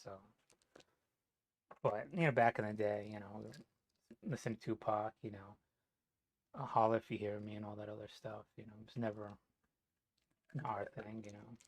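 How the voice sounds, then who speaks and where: A man's voice: fairly low pitch, flat delivery, normal speed, long pauses. A man from New Jersey telling a rambling, profane story in a casual monologue, full of "you know" fillers. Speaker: vlogger.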